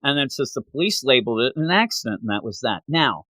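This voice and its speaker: A man co-hosting a manga review show in casual chat, retelling scenes in an animated way with quick asides. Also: mid-range voice, no echo. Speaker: podcast co-host reviewing manga.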